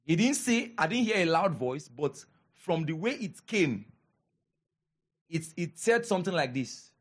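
A man with a Nigerian accent preaching a sermon as pastor, animated, repeating his lines for emphasis and calling out to the congregation. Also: high voice, moderate pace.

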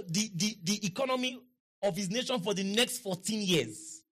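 High, lively preacher. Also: male voice, normal speed. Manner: call-and-response preaching, rising to shouts and chanting. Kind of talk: sermon. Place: large auditorium.

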